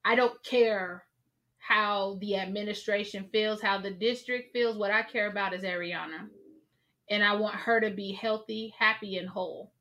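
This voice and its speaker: A woman hosting a group discussion, calm and firm, drawing others out and stating her view plainly. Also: mid-range voice, moderate pace, muffled recording. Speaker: host.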